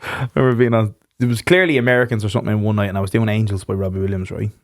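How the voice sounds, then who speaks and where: Racing along in a lowish voice with fairly even intonation, this man hosts a podcast, swapping casual stories and performing the quotes, swearing freely throughout. He is also a musician, and the sound is clean studio audio with no echo.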